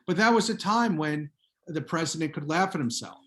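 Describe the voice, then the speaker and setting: A man speaking as a guest author on a video call, telling relaxed anecdotes in a chatty way. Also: a little high, fairly quick. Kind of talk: casual Zoom talk.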